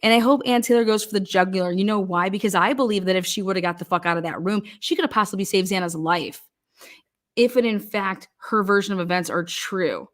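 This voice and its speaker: A woman's voice: medium pitch, a little fast. A woman giving true crime commentary in a blunt, sarcastic and profane way, firing off pointed questions.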